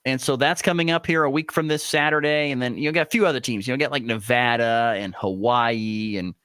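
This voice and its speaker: A man hosting a morning sports radio show from a studio, talking casually with lots of "uh" fillers and lively pitch swings. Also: brisk, smooth, no echo. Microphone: studio microphone.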